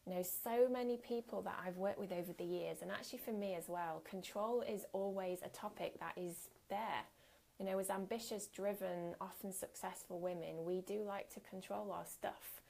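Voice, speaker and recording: Woman, workshop coach, candid and earnest, low gravelly voice. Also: a little mellow. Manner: candid, earnest, conversational with fillers. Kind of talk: workshop talk.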